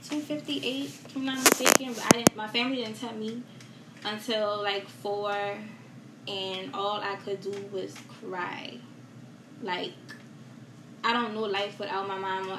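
A young woman as a guest, telling a personal loss in a soft, halting way with many fillers and repetitions, in a roomy, noisy recording. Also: medium pitch. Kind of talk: emotional personal story in a podcast chat. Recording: roomy echo with steady background noise.

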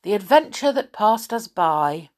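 A woman's voice: mid-range voice, sing-song, measured pace, pitched above the performer's own voice. A woman reading a children's story aloud, voicing a well-spoken schoolgirl who sounds resigned and wistful.

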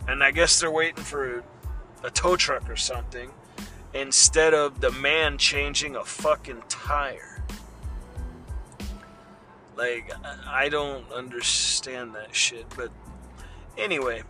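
A man's voice: mid-range voice, steady tone, slow pace, long pauses, music in the background. A middle-aged man hosting a podcast, delivering a heated, profanity-laden rant. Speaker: podcast host. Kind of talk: ranting monologue.

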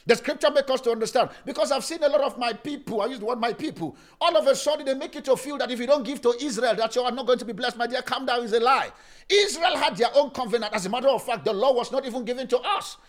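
High-voiced emphatic preaching man. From Africa. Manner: emphatic preaching, sing-song phrasing, drops to slow hushed tones. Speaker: pastor. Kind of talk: sermon.

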